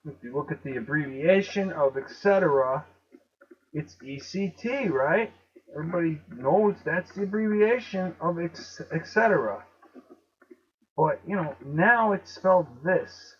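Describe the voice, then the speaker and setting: A man with a Chicago accent and a slightly high voice talks to his viewers at an unhurried, deliberate pace. He leans hard on words, repeats them and spells out letters one by one. The recording sounds dull and lo-fi. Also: lively intonation. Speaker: video host. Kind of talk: casual monologue to viewers.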